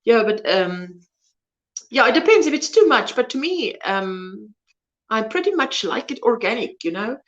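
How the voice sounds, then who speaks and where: South african lady rambling thru a live chat, higher voice, kinda dull lo-fi sound. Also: big pitch swings, a little slow. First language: Afrikaans. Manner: chatty, rambling, loses words mid-sentence. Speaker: crochet livestream host. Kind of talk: casual livestream chat reading comments.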